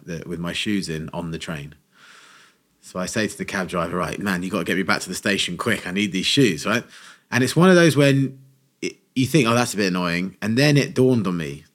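A man co-hosting a podcast, telling a funny story in a casual, animated way and acting out quotes. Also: deep voice. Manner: animated anecdote teller, acts out quotes.

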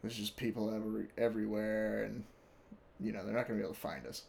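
Animated young man telling a story. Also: on the low side, fast, vocal fry, slight background noise. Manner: animated, laughing, profane, acts out quotes. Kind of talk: casual storytelling.

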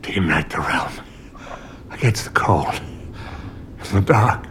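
A feeble, delirious old king on his deathbed, speaking in a breathy whisper. His voice sits low, and each halting phrase comes very slowly. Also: animated, a bit bright, slight background noise. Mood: feverish whisper. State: weak, near death. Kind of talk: TV drama acting.

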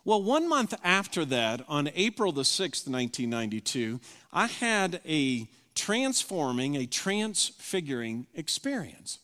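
A man's voice: fairly high pitch, very animated, a little slow, pushed and bright. A pastor in his fifties preaching a sermon, telling an emotional personal story and reading from an old journal. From Southern US. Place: church sanctuary. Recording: reverberant hall.

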